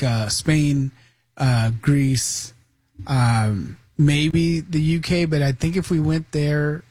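A man's voice: fairly high pitch, a little mellow, husky, no echo, rough recording. A man on a talk radio show answering casually and hesitantly, with many fillers.

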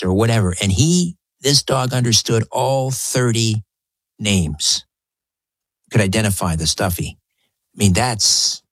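A man's voice: low voice, breathy edge, no echo. A man hosting a call-in radio show, chatting easily and marveling at callers' stories. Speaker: radio talk show host. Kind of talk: late-night call-in radio.

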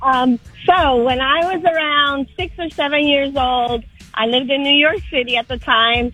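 A woman's voice: sits high, steady tone, a little slow, sharp tone, faint music behind, poor audio. A woman calling in to a radio show, telling a dramatic true story in an earnest way. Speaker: caller.

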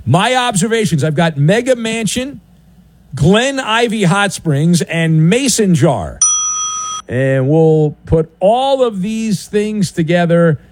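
A man's voice: sits high, expressive, slow, darkish tone, slight background noise. A man hosting a sports talk radio show in a studio, delivering a sardonic, theatrical monologue with swooping announcer flourishes. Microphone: studio broadcast mic.

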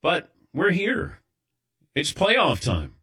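A man's voice: fairly high pitch, wildly swooping pitch, drawn-out words, a bit bright, breathy edge. A man hosting a sports talk show, telling wry, self-deprecating stories in casual chat while a little lightheaded. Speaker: sports radio host.

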